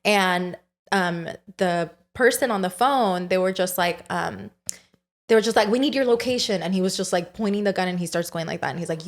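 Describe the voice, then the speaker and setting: Young woman telling a frightening story. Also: lowish voice. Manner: swears often, fast and breathless. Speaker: podcast guest. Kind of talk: emotional personal storytelling.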